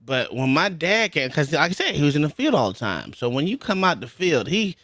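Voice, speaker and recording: A man co-hosting a casual porch talk show, recalling his youth with laughter and stumbling restarts. His pitch sits a bit high and moves animatedly, and the sound is dry. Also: sing-song, brisk, a bit bright, no echo. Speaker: podcast co-host. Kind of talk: casual chat.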